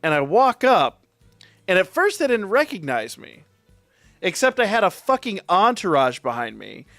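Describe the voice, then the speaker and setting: A man streaming live, telling a rambling, profane story in a casual, animated way. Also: high voice, moderate pace, no echo, faint music behind.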